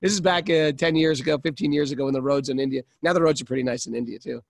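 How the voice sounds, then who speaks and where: A man co-hosting a casual spiritual podcast chat, telling lively stories and acting out the voices of the people in them. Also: medium pitch, racing, creaky. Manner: animated storyteller, acts out voices. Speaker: podcast co-host.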